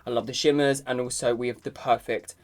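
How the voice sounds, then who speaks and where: A man's voice: mid-range voice, little pitch movement, fairly quick. A man reviewing makeup to camera in a casual, campy and sassy way, swearing freely and calling the viewer "girl". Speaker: makeup vlogger.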